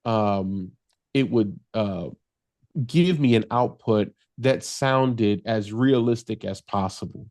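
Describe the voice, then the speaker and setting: A man's voice: lowish voice, takes it slowly, a little mellow, dry recording, studio quality. A man who is a tech consultant guest on a podcast, explaining things step by step in casual chat and laughing easily.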